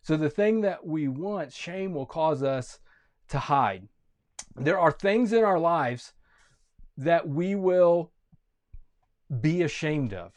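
A pastor giving a sermon, telling a story with lively energy and frequent restarts. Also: male voice, on the high side, slow, long pauses.

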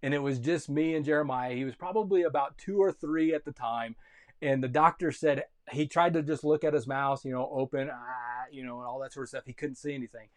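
A man in his thirties preaching a sermon, swinging between loud urgent calls and quiet, intimate storytelling. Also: medium pitch, fairly quick. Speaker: pastor.

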